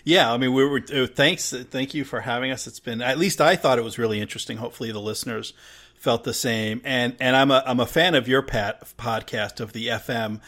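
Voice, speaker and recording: A man's voice: medium pitch, fairly even intonation, a bit bright. A man hosting a podcast, talking casually with frequent stammered restarts. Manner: halting, stammering restarts, friendly sign-off. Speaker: podcast host.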